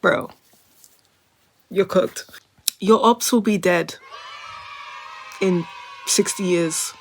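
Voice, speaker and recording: A woman's voice: fairly low pitch, drawn-out words, long pauses, a faint crowd, slight background noise. A woman in her twenties talking casually to camera in a rambling monologue, full of filler "like", drifting between wry and earnest. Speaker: vlogger.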